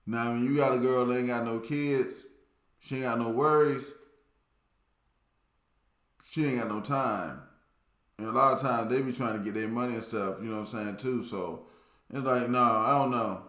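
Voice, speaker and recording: A man's voice: medium pitch, steady tone, normal speed, pauses often, fairly bright tone, roomy sound. A man hosting a reaction to a clip, talking in a rambling, filler-heavy casual way with lots of slang.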